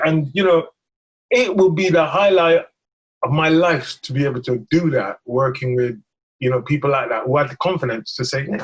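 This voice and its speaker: A man, a firefighter guest, telling a story in an animated way, laughing often and acting out what others said. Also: fairly high pitch, husky. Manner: laughs often, acts out quotes, stammers.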